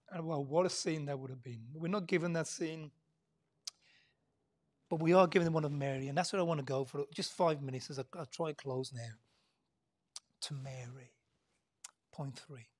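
A woman preaching an Easter Sunday sermon in a conversational way. She often drops to near-whispers and then pushes into loud, emphatic lines, and she repeats words and fills pauses as she thinks aloud. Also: sits low. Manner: repeats words and adds many fillers while thinking aloud.

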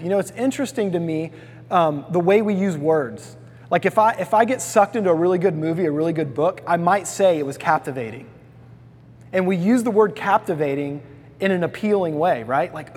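Preacher, man, high husky voice, folksy sermon, long reverb. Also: normal speed. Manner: folksy storytelling, asks congregation to repeat words. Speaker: pastor.

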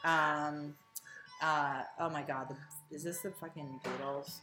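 A woman co-hosting a podcast in casual banter, talking fast, laughing often and swearing casually. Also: sits low, steady tone, bright, forceful tone, faint music behind. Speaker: podcast co-host.

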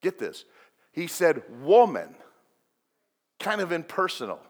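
Man, pastor, sermon, unhurried delivery, booming then hushed, long hall reverb. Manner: animated preaching, swinging from loud to hushed. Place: church sanctuary.

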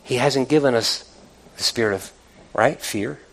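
A man preaching a sermon in an animated, conversational way, asking the congregation questions and acting out quoted voices. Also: medium pitch, unhurried, gravelly, rough recording.

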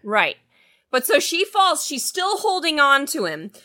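Bright, lively woman gushing over a film. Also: high-pitched, unhurried. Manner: enthusiastic, gushing, swears casually. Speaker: podcast co-host. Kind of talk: casual chat, movie recap.

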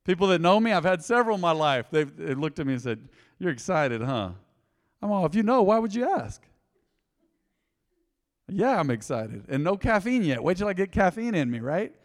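A middle-aged man preaching a sermon in a church, passionate and emotional, swinging between loud excitement and quiet, earnest talk. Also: fairly high pitch, fairly quick. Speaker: pastor. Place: church sanctuary. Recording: long hall reverb.

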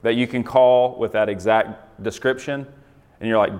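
A man's voice: on the low side, fairly even intonation, moderate pace, darkish tone, in a large hall. A man giving a casual sermon, conversational, asking the group questions and laughing often. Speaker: pastor.

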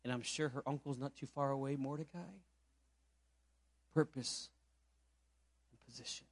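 A man's voice: mid-range voice, fairly even intonation, moderate pace, no echo. A man from Puerto Rico preaching a sermon, telling a story and asking the congregation rhetorical questions. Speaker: pastor.

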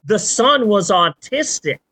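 A man hosting a casual movie podcast, ranting and joking with animated swings and the odd shouted outburst. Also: high voice, takes it slowly, dry recording. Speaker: podcast host.

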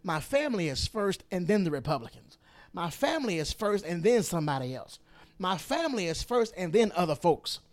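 A man hosting a podcast, delivering an opinionated political monologue. He is emphatic and repeats phrases for stress, swinging between loud and hushed. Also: high-pitched, big pitch swings, fairly quick. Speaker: podcast host.

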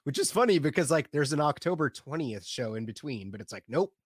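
A man's voice: a little high, lively intonation, a little fast, husky, dry recording, clean studio sound. A man co-hosting a live stream, chatting with self-mocking jokes. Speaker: co-host. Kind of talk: live-stream casual chat.

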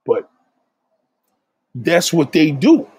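Guy going off on a rant, cussing a lot, kinda husky, pitch jumping all over. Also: sing-song, extremely slow, darkish tone. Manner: blunt and heated, swears a lot, repeats words. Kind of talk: casual opinionated rant.

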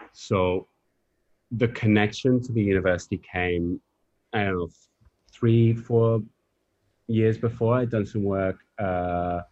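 A man with a deep, darkish voice, recorded with dull audio and no echo, is a coffee professional appearing as a guest in a casual podcast interview. He is thoughtful and reflective, with loose phrasing and fillers.

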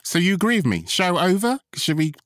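A man's voice: sits high, very animated, brisk, a bit bright, dry recording, studio quality. A man co-hosting a podcast, making his case confidently and stressing key phrases by repeating them. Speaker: podcast co-host. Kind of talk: pitching ideas in conversation.

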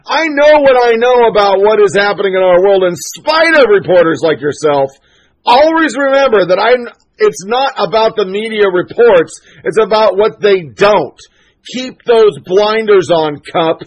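This is a male show host talking alone on his program, with a noticeably high voice. He rants with heat, swears freely and slips into sarcasm as he riffs. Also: animated, moderate pace, low-quality recording. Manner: fired-up, profane, sarcastic ranting. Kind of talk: solo political commentary monologue.

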